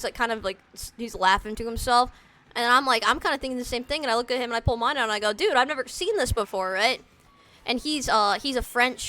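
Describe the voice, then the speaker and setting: A woman's voice: on the high side, sharp tone. A young woman chatting casually on a live game stream, rambling with lots of slang and filler words. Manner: rambling and slangy, heavy use of "like" and "dude". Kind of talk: casual live-stream chat while gaming.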